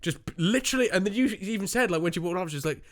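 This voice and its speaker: A man's voice: high voice, lively intonation, racing. A young man, rambling through a story in casual podcast chat, swearing and mimicking people. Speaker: podcast co-host.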